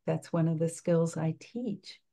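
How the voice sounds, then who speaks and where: A woman's voice: low voice, creaky. Reflective older woman coaching voice. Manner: reflective, halting, with gentle restarts. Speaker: speaking coach. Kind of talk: interview answers.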